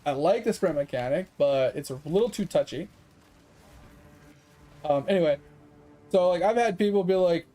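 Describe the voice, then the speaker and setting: A man's voice: a little high, expressive, normal speed, pauses often, dark tone. A man streaming a game, ranting in casual, sarcastic talk, swearing and acting out the people he quotes. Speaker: gaming streamer. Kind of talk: casual rant while gaming.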